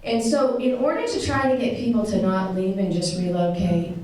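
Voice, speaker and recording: A woman's voice: medium pitch, steady tone, moderate pace, darkish tone. Woman telling a story in an echoey room. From United States. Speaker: speaker telling a personal story to an audience. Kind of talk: personal storytelling talk. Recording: echoey room, voice picked up from a distance with some noise.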